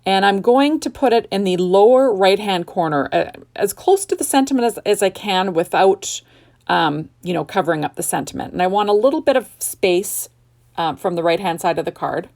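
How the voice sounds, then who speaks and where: A middle-aged woman chatting casually through a card-making tutorial in her home craft room, unhurried and full of fillers and restarts. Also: medium pitch, animated, creaky, darkish tone.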